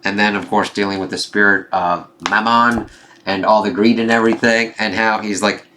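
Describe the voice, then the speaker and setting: A man's voice: fairly low pitch, steady tone, normal speed, pushed and bright. A man giving a casual, loosely conversational review, recounting a comic issue and reading its dialogue aloud. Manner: loose conversational retelling with fillers and swearing; reads quoted dialogue aloud mostly in his own voice.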